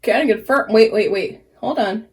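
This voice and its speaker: Young woman, beauty vlogger, slightly high voice, animated, swearing, caffeine-jittery, casual storytelling. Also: a little slow. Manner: animated, swearing, laughing often, squealing when excited. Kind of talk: chatty get-ready-with-me storytelling.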